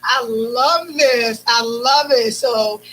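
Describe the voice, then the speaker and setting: Enthusiastic woman host, bright voice. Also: on the high side, slow pace, rough recording. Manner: enthusiastic, affirming. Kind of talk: casual interview chat.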